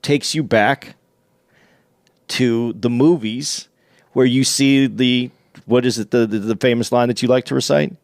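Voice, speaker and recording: A man chatting on a podcast as the calmer straight man, in a mid-pitched voice. He hesitates and restarts now and then. The sound is dry and close. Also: unhurried, dry recording. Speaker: podcast co-host. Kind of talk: casual podcast chat.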